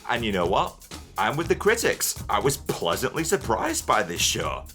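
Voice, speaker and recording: Man, comedic review narration, sardonic, profane, lively pitch. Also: moderate pace, soft background music. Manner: sardonic, profane, self-mocking.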